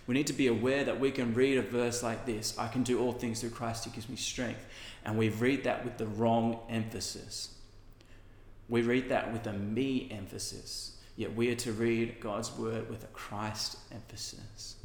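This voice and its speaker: A man's voice: medium pitch, flat delivery, normal speed. Man preaching in an echoey hall. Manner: conversational, earnest preaching with casual asides. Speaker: pastor. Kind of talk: sermon. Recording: echoey hall with long reverb.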